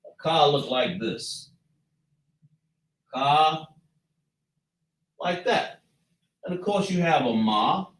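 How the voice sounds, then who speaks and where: Slow man teaching in an echoey room. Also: on the high side, lively intonation, distant mic. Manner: slow, patient, repeats sounds, thinks aloud. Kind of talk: slow classroom lesson at a chart.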